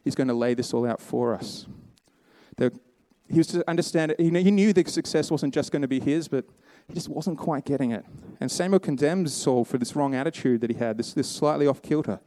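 A man's voice: on the high side, fairly quick, few pauses, warm tone, no echo. A man preaching a sermon, telling a Bible story in a casual, conversational way and voicing the characters' lines.

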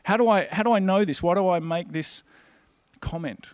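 A man preaching a conversational, earnest sermon in a slightly higher voice. The sound is dry and close, with hardly any room around him. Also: moderate pace, no room sound.

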